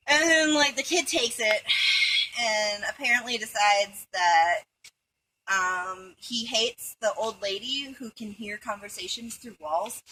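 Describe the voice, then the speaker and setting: A woman's voice: a little high, takes it slowly, pushed and bright, poor audio. A young woman retelling a film plot to her friends, rambling and irreverent, with swearing and lots of fillers. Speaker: storyteller among friends. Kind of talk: casual comedic plot retelling.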